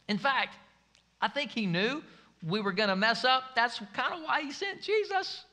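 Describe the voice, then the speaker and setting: Pastor, male, high and forceful voice, emphatic preaching, on a stage mic. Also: expressive, unhurried. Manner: emphatic preaching, voice rising and falling for stress. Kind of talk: sermon.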